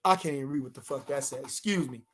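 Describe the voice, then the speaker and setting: A man streaming a heated boxing rant to his live chat, loud and repetitive, swearing freely and breaking into shouts. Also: mid-range voice, quick pace, husky.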